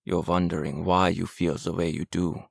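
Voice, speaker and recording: A man voicing a calm, menacing male captor with a thick German accent, speaking quietly in a deep, gravelly voice. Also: no echo, studio quality, exaggerated voice. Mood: cold, menacing. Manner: quiet, cold, measured threats.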